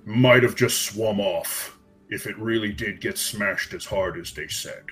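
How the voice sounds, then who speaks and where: A man voicing a hulking, cowed male ogre shaman with a deep guttural voice who stumbles over his words. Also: measured pace, a bit bright. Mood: grumbling. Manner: stumbling, hesitant.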